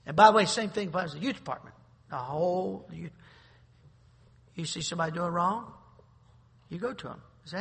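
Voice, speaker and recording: A man's voice: high-pitched, brisk, gravelly, pauses often, slightly rough. Preaching man in an echoing hall. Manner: preaching with sudden loud bursts and quiet asides. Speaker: pastor. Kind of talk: sermon. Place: church sanctuary. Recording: long reverb of a large hall.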